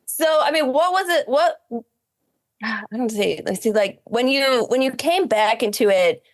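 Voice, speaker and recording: A woman's voice: high voice, expressive, measured pace. A woman hosting a casual podcast interview, asking rambling questions full of fillers. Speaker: podcast host.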